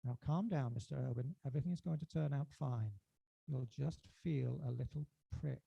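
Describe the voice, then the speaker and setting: A man voicing a calm medical attendant who soothes a patient in a steady, reassuring way. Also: mid-range voice, normal speed, creaky, slightly rough, no echo, muffled recording. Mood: soothing.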